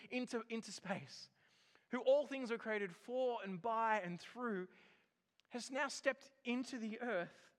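A man with a high voice delivers a sermon in an earnest, emphatic way, doubling back on words as he builds each point. His voice rings out with a long reverb tail, as in a large church hall. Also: fairly bright tone. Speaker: pastor.

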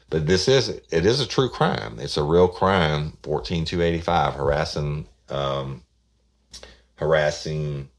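Male podcast host, very deep gravelly voice, folksy and rambling. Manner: rambling and folksy, frequent restarts. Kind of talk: casual thank-you monologue.

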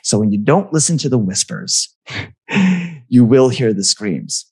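A man's voice: mid-range voice, sing-song, measured pace, a little mellow, breathy edge. A man talking as a guest in an earnest, reflective conversation, restarting phrases as he thinks aloud.

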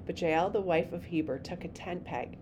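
A woman co-host reading a Bible passage aloud and retelling it in a lively, dramatic way. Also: on the low side, normal speed, slight background noise.

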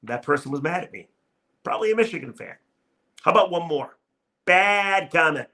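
Male sports podcast host, upbeat and wry, bright tone. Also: a little high, moderate pace, vocal fry. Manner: wry, self-mocking, animated. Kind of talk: solo podcast, reading listener comments.

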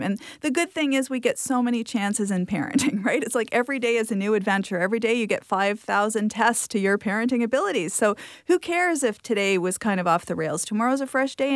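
A middle-aged woman, a guest author, calmly giving practical parenting advice in an interview. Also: a little high, dry recording, studio quality. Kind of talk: interview talk.

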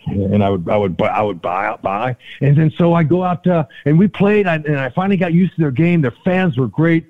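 An older man tells a long story as a podcast guest, full of energy and acting out every quoted line with sudden leaps in pitch. His voice sits at an ordinary middle pitch. The sound is thin and tinny, like a phone line. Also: moderate pace. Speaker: podcast guest, former ballplayer. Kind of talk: storytelling in a casual interview.

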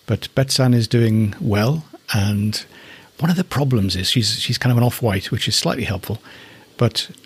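A man's voice: medium pitch, expressive, normal speed, hardly any pauses, husky. A middle-aged man from northeast England who keeps alpacas, chatting casually and fondly about them as he thinks aloud. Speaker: alpaca keeper. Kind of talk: casual spoken commentary.

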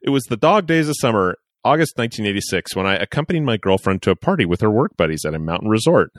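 Lively low-voiced male podcast host. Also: quick pace, no room sound, studio quality. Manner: animated, jokey, reads aloud with playful asides. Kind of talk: casual podcast chat and letter reading.

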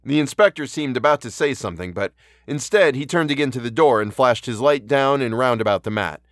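A man hosting a podcast and reading a horror story aloud in a measured, earnest way. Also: medium pitch, lively intonation, no echo, clean studio sound. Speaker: podcast host and audiobook narrator.

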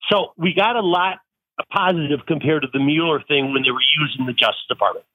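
A man calls in to a talk radio show and talks in halting, stammering bursts. His voice is fairly high and comes through a thin, tinny phone line. The sound is dry, with no room around it. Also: no room sound. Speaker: caller. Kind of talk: call-in conversation.

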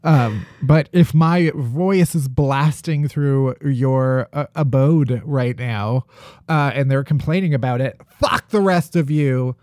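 A man's voice: on the high side, darkish tone, no echo. Male podcast host, casual and profane, dry close sound. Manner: joking, profane, quick asides. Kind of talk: casual chat.

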